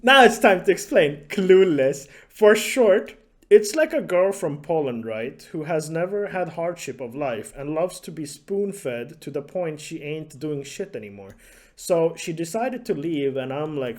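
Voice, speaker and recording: A man's voice: a little high, very animated, unhurried. Sarcastic, foul-mouthed young man. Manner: profane, sarcastic, laughs often. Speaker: YouTuber. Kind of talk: casual storytelling vlog.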